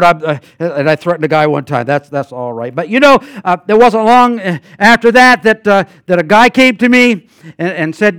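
An older man preaches as a guest pastor, spinning homespun stories full of fillers and false starts. His smooth, slightly high voice rises into loud emphatic passages and drops to quiet asides. The sound is dry and close. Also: moderate pace, dry recording. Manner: folksy storytelling with many fillers and restarts. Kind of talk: sermon.

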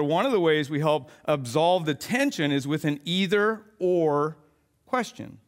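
A young adult man, a pastor, telling a comic story in an animated sermon. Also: fairly high pitch.

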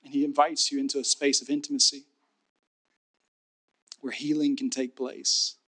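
Bright-voiced male pastor preaching. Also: mid-range voice, little pitch movement, moderate pace. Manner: rising to fervent repeated declarations; drops to soft intimate tone. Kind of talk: sermon.

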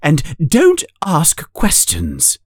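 A man's voice: a little high, huge pitch swings, drawn-out words, no room sound, voice pushed up, full character voice. A strict, cold aunt snaps short orders in a raised, pinched voice, as a man reads her part. The words come out clipped and impatient, close and dry. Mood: curt.

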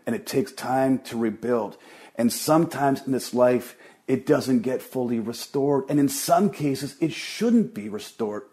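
A middle-aged pastor delivers a sermon in an earnest, emphatic way. He speaks at a middle pitch for a man and repeats words as he builds each point. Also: darkish tone. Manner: earnest, emphatic preaching with repetitions.

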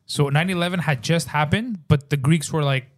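A man co-hosting a podcast, telling a story in a casual, animated way, swearing freely and saying bro a lot. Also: on the high side, normal speed. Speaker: podcast co-host.

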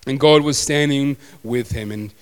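A man's voice: medium pitch, moderate pace. A man preaching a sermon as pastor, conversational and self-deprecating. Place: church hall. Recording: long hall reverb.

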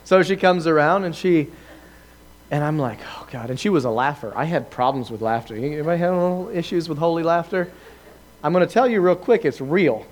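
A man preaching a lively testimony, telling his story with laughs and acted-out quotes to a live audience. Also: a little high, brisk. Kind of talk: sermon testimony.

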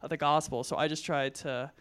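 A young man in his twenties gives a casual sermon with a slightly higher voice than most men. He talks conversationally, with frequent fillers and restarts, and mixes humor into personal stories. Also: fairly even intonation, a little fast, a bit bright, smooth. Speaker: Christian speaker at a youth gathering.

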